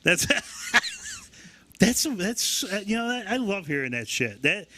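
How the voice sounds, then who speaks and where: A man's voice: sits high, wildly swooping pitch, takes it slowly, pushed and bright, slight background noise. A man hosting a casual interview, chatty and full of agreement. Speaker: host.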